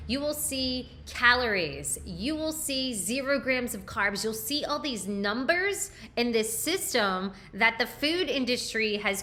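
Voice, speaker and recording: Bright, emphatic woman coaching live. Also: a little high. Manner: emphatic, asks rhetorical questions and tags lines with "okay?". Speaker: nutrition coach hosting a live training.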